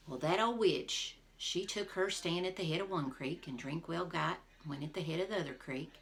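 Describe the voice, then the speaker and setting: A woman teacher reading a folk tale aloud to her class, expressive and talking to the listeners directly. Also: lowish voice, normal speed, vocal fry, few pauses. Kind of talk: storybook read-aloud for a class.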